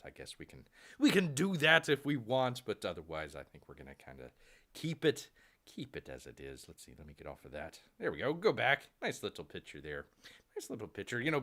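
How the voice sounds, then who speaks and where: Man, livestream host, rambling, excitable, wildly swooping pitch, bright forceful tone. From Tampa Bay area. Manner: rambling and excitable, many fillers. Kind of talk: casual live-stream chat.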